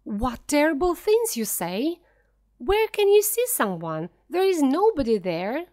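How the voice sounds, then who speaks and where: A woman's voice: a little high, sing-song, takes it slowly, a little mellow. A woman voicing an anxious older female housekeeper in a simplified story reading, her lines fretful and pleading. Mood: upset.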